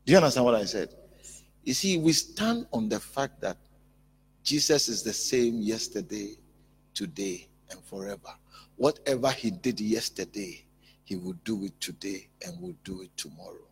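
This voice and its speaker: A man's voice: lowish voice, normal speed, husky. Man preaching an emphatic sermon. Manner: emphatic preaching with repetition, rising to loud peaks. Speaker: pastor.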